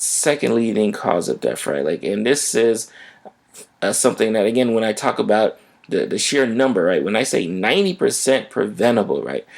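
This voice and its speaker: A physician hosts a health podcast in a casual, conversational style, often checking in with "right?". His voice is fairly low, creaky, and somewhat dark in tone.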